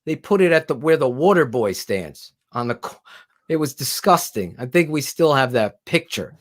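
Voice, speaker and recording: A man co-hosting a casual sports talk stream, excitable and profane, his voice climbing as he gets heated. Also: medium pitch, moderate pace. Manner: excitable, swearing, voice rising when heated. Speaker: co-host.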